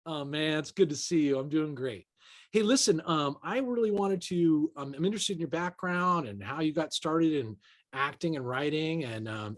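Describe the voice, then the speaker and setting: Man, interview host, casual chatty talk, filler-heavy, slightly higher voice. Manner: friendly, chatty, lots of fillers like "you know".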